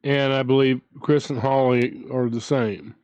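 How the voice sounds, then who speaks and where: A man's voice: medium pitch, steady tone, unhurried, darkish tone, clear, resonant tone, no room sound. A man hosting his own channel, ranting in a casual, indignant way, with frequent restarts as he talks. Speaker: commentary channel host.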